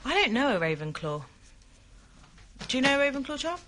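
A woman's voice: high voice, sing-song, fairly quick, background noise. A woman hosting a casual phone livestream from a bedroom, chatting and answering fan comments. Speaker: livestream host. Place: indoors in a bedroom.

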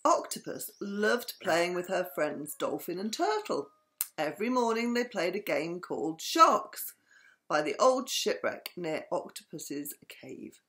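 Gentle grandmother reading a bedtime story. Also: fairly low pitch, very animated, unhurried. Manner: gentle, soothing, sing-song.

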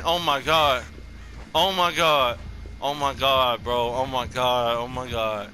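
A man hosting his gaming channel, giving casual gameplay commentary with loud, excitable, repeated exclamations. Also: mid-range voice, slow, long pauses, slight background noise. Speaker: gaming YouTuber host.

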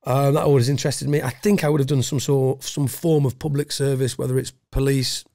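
A man's voice: mid-range voice, little pitch movement, brisk, mellow, dry recording, studio quality. A middle-aged man from England, a former special forces guest on a podcast, talking bluntly and casually with heavy swearing. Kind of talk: casual interview chat.

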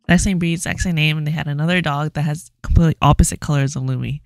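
A woman's voice: sits low, fairly even intonation, racing, creaky, no echo, studio quality. A young woman co-hosting a podcast, telling stories in a chatty way with casual swearing. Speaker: podcast co-host. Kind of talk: casual chat.

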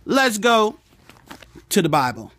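A man's voice: high-pitched, very animated, slow pace, fairly bright tone. A man hosting a comedic devotional video, talking in a playful, preachy way and reading scripture. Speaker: host.

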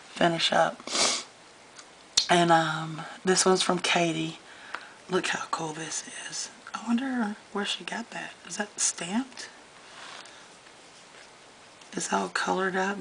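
Slow, gravelly woman gushing. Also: on the low side, a bit bright, slight background noise, poor audio. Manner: gushing, chatty, easily moved. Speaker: scrapbooking vlogger. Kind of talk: casual show-and-tell vlog.

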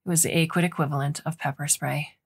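A woman narrating a short story aloud, expressive and acting out the dialogue. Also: sits low, fast talker, slightly rough. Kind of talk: audiobook story reading.

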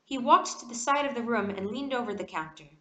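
A woman reading a children's storybook aloud with expressive delivery. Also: on the high side, a little fast, echoey room. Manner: expressive, animated. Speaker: reader.

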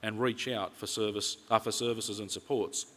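A middle-aged Australian man giving a conference keynote speech, earnest and steady, telling his points in detail. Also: fairly low pitch, normal speed. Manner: earnest, retells conversations in detail. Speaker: keynote speaker. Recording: reverberant conference hall.

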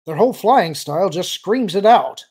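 A man's voice: high-pitched, expressive, moderate pace, darkish tone, husky, voice pushed up. A man reading an audiobook, voicing an insistent, disgusted male colonist who snaps and retorts. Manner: snapping and insistent.

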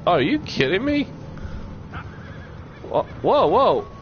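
Slow, goofy man doing game commentary. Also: high-pitched, lo-fi sound, soft background music. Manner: goofy, joking, slow and lively. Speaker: gaming channel host. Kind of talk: let's play commentary.

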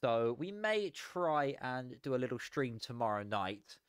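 A tired young man chatting casually as a sim racing streamer, relaxed and rambling with frequent chuckles. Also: mid-range voice, unhurried, clean tone, no echo. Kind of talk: casual live stream chat.

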